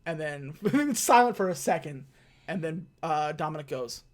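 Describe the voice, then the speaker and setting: A man co-hosting a podcast, casually recapping a film, often laughing and acting out lines in quick voices. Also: a little high, expressive. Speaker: podcast co-host. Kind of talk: casual movie recap chat.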